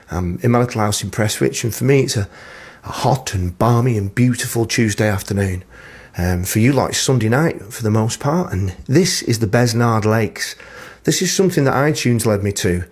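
A man's voice: medium pitch, lively intonation, moderate pace, breathy edge. A man with a Manchester accent, chatting casually and self-deprecatingly as a radio presenter from his small home, with plenty of filler words. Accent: Mancunian English. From Manchester, England.

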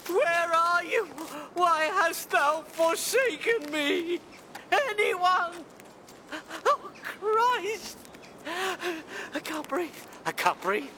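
A man's voice: very high voice, big pitch swings, very slow, noisy background, heavily acted. An actor playing a greedy, miserly old father in a stage comedy, frantic and melodramatic.

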